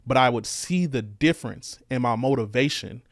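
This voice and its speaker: A man's voice: mid-range voice, normal speed, no echo. A young man, chatting on a faith podcast in an earnest, candid way. He repeats his phrases for weight, and his voice is dry and close to the mic. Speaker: podcast co-host. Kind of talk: casual faith chat.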